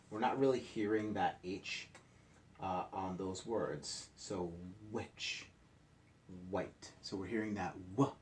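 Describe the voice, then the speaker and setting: A man's voice: low voice, slight background noise. A male teacher leading a morning meeting lesson for young children, explaining step by step in a patient, friendly, playful way.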